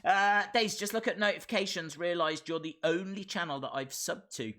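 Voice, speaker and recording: A man's voice: sits high, moderate pace, sharp tone. Chatty British man hosting a live stream. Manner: chatty, laughing, reads out viewer comments. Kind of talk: casual live-stream chat.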